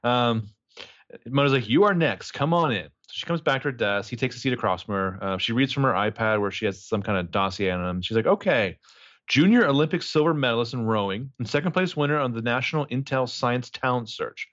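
A man casually retells a TV episode, jumping into the characters' voices as he goes. His voice swings widely in pitch, and the recording sounds dry and a little dull. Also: fairly quick, no room sound. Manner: animated, acts out characters' lines with profanity. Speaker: podcast co-host recapping a TV episode. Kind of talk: casual chat.

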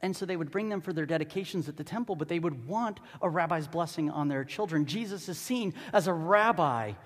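A man preaching a sermon as pastor, swinging between hushed asides and loud, fervent stretches. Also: a little high, fairly quick. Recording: long reverb of a large hall.

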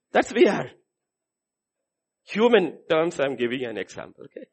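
Man preaching, fairly high voice, swings from low musing to loud, animated outbursts, acts out quoted voices. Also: moderate pace, slightly rough. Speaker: pastor. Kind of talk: sermon.

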